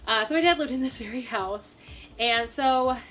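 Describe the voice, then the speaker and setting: A young woman from Minnesota telling a personal story to the camera in a casual, animated way, with quick asides and acted-out quotes. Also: on the high side, soft background music. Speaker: storytime vlogger.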